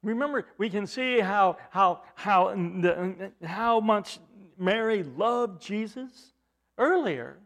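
A man's voice: high-pitched, expressive, slow, a bit bright. A man preaching a sermon to his congregation, pressing his points with rising emphasis and repeated words.

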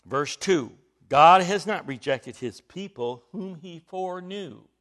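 A male preacher with a high voice that swings widely as he teaches. He speaks slowly and deliberately, building to emphatic, rising bursts. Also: lively intonation, a bit bright. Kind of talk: sermon.

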